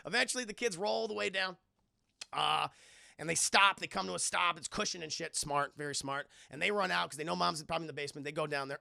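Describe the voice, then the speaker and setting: A man streaming a profane, excitable spoiler recap of a film to his chat, acting out scenes with shouts and sound effects. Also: on the high side, quick pace, gravelly, no room sound, clean studio sound.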